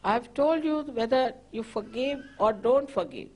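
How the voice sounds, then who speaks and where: An older woman leads a guided meditation in a slightly high voice. She speaks very slowly and gently, and she repeats her instructions patiently. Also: lively intonation. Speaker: spiritual teacher.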